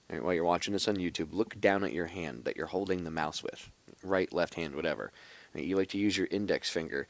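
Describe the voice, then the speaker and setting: Low-voiced man rambling to camera. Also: dry recording. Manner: rambling, many restarts; sarcastic. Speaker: video blogger. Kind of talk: casual explanatory monologue.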